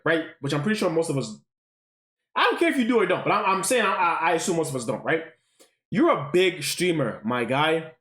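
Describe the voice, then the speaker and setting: A high-pitched man gives animated commentary to his stream chat. His voice swings up and down, and he keeps tossing in "right?" and curses. A roomy echo hangs around him. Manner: animated, keeps checking in with 'right?', swears freely.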